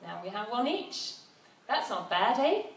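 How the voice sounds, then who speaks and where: A woman voicing a calm, loving male guide who speaks gently, recorded at a distance in a roomy space. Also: on the high side, a little slow. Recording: roomy, distant mic, faint background noise.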